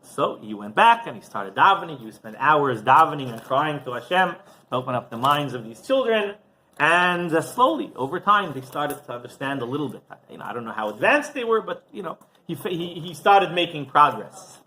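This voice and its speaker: A rabbi tells a story in a casual, animated sermon, often restarting sentences and tossing in asides. His voice is fairly high and bright. His pitch swings widely as he talks. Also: a little fast, slight background noise.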